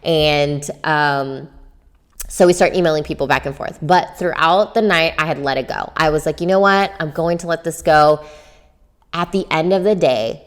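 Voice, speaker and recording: A woman's voice: deep voice, measured pace. A young adult woman hosting a casual solo podcast, chatty with many fillers and self-coaching asides. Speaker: podcast host, tattoo artist.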